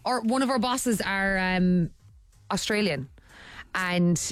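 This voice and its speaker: A woman's voice: mid-range voice, slow pace, no echo. A woman co-hosting a radio show, teasing and encouraging her co-host in casual, giggly banter.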